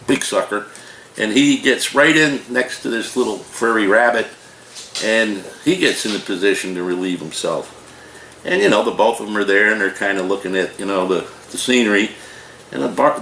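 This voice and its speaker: Folksy older man with a low voice. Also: a bit bright. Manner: folksy, digressive, joking storyteller. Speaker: food reviewer. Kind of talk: casual rambling review. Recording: roomy echo, faint noise.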